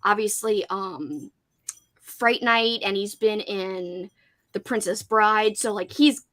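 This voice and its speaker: A woman hosting a casual livestream chat, telling an animated story with "like" in nearly every sentence. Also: medium pitch, takes it slowly. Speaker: host.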